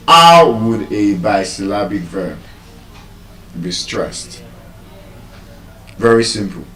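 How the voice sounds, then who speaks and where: A man giving a pronunciation lesson, speaking slowly and deliberately, pausing and repeating words for emphasis. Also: on the low side, a bit bright. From Nigeria. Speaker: teacher giving a pronunciation lecture. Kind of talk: classroom lecture, explaining and spelling out words. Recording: roomy echo, voice from a distance.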